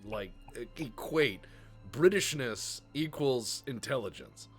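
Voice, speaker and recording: A man hosting a casual gaming session, joking around, swearing, and breaking into animated asides. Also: medium pitch, takes it slowly, husky, soft background music. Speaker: host of a gaming show.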